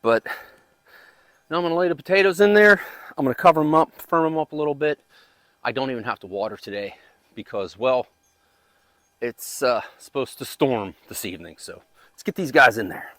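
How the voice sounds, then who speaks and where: A man's voice: medium pitch, brisk, long pauses, a bit bright, no echo. A man hosting a home gardening channel, chatting in a rambling, casual way as he works outdoors in his backyard garden. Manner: rambling, chatty, talks while digging. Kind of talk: casual chat.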